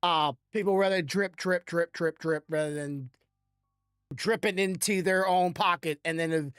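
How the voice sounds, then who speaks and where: A woman's voice: on the low side, normal speed, clean tone, no echo, clean studio sound. A woman co-hosting a podcast in casual chat, rambling as she explains with examples. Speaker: podcast co-host.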